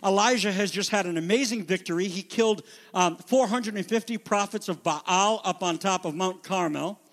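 A man preaching a sermon as pastor, moving from quiet retelling to loud, urgent exhortation. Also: sits high, normal speed, big-room sound. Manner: dynamic preaching, drops to a hush then builds to loud exhortation.

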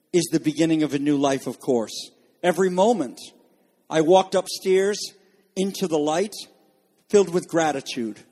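A pastor with a slightly high, somewhat mellow voice preaches a sermon to his congregation. He reads passages aloud and then explains them.

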